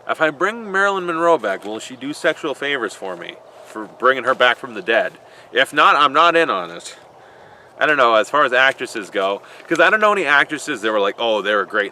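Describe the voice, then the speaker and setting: Bright-voiced man rambling outdoors. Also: lowish voice, slight background noise. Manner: rambling, joking, profane. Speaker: vlogger answering viewer questions. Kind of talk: casual Q&A vlog. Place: outdoors in a built-up area.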